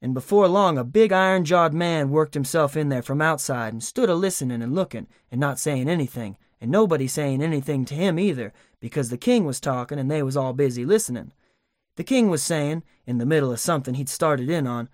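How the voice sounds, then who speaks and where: A man's voice: a little high, animated, brisk, no room sound, clean studio sound. A man narrating an audiobook in a folksy storytelling manner, shifting into character voices.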